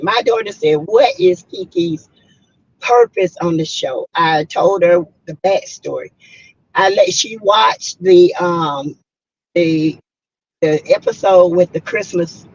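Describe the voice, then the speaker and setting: A woman's voice: fairly low pitch, breathy edge, muffled recording. A middle-aged woman, hosting a casual livestream, greeting viewers by name and giving frank opinions. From South Carolina, US. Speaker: host of a reality-TV review livestream. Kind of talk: casual live-stream commentary.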